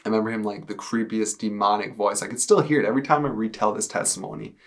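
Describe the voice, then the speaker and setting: Young man sharing a testimony, low gravelly voice, flat delivery, halting and earnest. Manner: earnest, halting retelling with many fillers. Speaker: testimony speaker. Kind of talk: personal testimony, storytelling.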